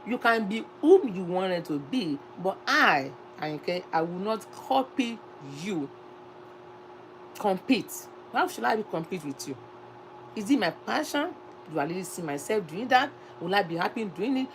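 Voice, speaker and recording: A woman's voice: normal speed, slight background noise, low-quality recording. A middle-aged woman, hosting her cooking channel and talking in a casual, emphatic way that repeats her points. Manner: emphatic and repetitive, lively swings between high and low. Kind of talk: casual vlog monologue.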